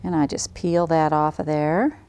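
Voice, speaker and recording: A woman's voice: low-pitched, steady tone, measured pace, mellow, clean tone. Woman, middle-aged, cheerful, chatty, folksy, craft tutorial host. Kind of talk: friendly craft demonstration.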